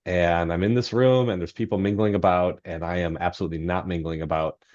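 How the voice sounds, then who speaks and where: A novelist appearing as a podcast guest tells a self-deprecating anecdote in a rambling way, full of fillers. His voice sits low with fairly even intonation and a darkish tone, the pace is brisk, and the sound is lo-fi.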